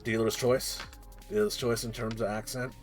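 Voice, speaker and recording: A man's voice: mid-range voice, level tone, normal speed, music in the background. A man streaming as game master, chatting casually before the session, rambling and self-mocking, joking and swearing freely.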